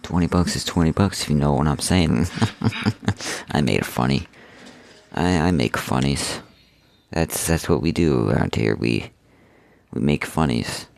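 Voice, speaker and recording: A man with a very deep, gravelly voice cracks jokes as he plays through a game. He keeps talking straight to his viewers and slips into goofy voices. A little faint noise sits behind him. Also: a little slow. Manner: goofy, jokey, talks to the viewer in silly voices. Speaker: gaming video host. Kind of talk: let's play commentary.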